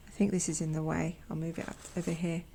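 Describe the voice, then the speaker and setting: A woman hosting a watercolor channel, chatting gently as she paints swatches, sometimes dropping to a soft near-whisper and making self-deprecating asides. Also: fairly low pitch, level tone, quick pace, vocal fry, husky. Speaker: watercolor artist and channel host. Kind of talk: casual narration while painting swatches.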